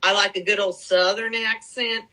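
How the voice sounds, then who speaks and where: A woman's voice: mid-range voice, fairly even intonation, moderate pace, noisy background. A woman in her forties chatting casually on a podcast, gushing and enthusiastic, often repeating herself. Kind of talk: casual chat.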